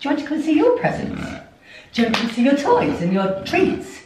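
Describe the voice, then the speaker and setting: A man's voice: extremely high pitch, huge pitch swings, fairly quick. Sing-song British man in an echoey room. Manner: sing-song baby talk to his dog. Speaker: vlogger and dog owner. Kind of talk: casual home vlog. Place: living room at home. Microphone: camera set on a chair. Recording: echoey room with background noise.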